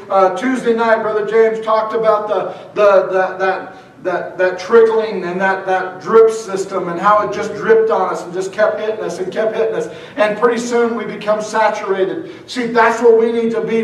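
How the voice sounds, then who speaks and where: High-voiced preacher in a very echoey hall. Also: male voice. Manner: fervent, repeats and restarts words. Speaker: pastor. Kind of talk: sermon. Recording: very echoey hall, mic far off.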